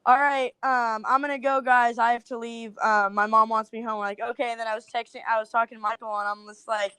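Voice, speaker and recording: A young woman with a slightly high, brisk voice and a clear, resonant tone, recorded with no echo, shares prank stories as a guest TikTok creator on a podcast. She giggles a lot and animatedly voices her friends' lines in casual storytelling.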